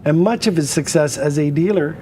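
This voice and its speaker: A man's voice: fairly high pitch, brisk, mellow. A man hosting a live TV art auction, rambling and chatty, drifting into anecdotes. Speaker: auction show host. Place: studio.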